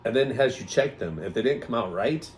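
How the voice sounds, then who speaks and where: A man's voice: mid-range voice, animated, brisk, a little hiss or hum. A man co-hosting a podcast, telling stories in a rambling casual chat and mimicking other people's voices as he goes. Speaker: podcast co-host.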